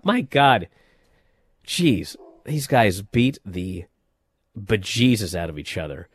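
A man hosting a casual wrestling chat, telling stories in an animated way with many fillers and restarts. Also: medium pitch, no echo, studio quality. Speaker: wrestling podcast host.

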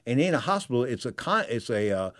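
A middle-aged man from San Francisco hosting a talk radio show, telling stories in an emotional, animated way with repeated phrases. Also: mid-range voice, fast talker, no echo, studio quality. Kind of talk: storytelling talk radio monologue.

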